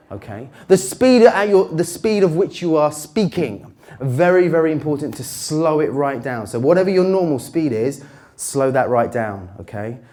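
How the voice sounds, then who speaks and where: A man coaching an audience on pitching, his voice slightly worn. He varies his delivery, pausing for effect and dropping his voice low to land a point. His pitch sits in the usual middle range for a man. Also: mellow. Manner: varied pitch with dramatic pauses and drops. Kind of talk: conference talk. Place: conference stage.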